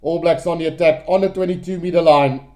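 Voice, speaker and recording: A man calls a rugby match live, his voice pitched high for a man yet dark and mellow in tone. He speaks straight to his viewers, piling excitement onto every phase of play. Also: a little fast.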